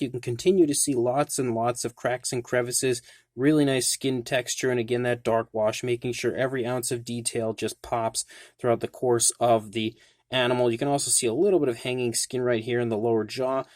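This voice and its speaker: With a mid-range, somewhat dark voice, this man runs his own toy review channel and talks up a product eagerly and in detail. His tone is casual and full of "like" fillers, and the recording is dry and studio-clean.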